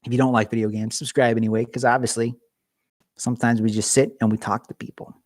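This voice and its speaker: A man's voice: medium pitch, little pitch movement, fast, dry recording. Rambling, jokey male livestreamer in a dry garage. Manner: rambling, jokey, self-mocking. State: cold. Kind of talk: casual livestream chat. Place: home garage.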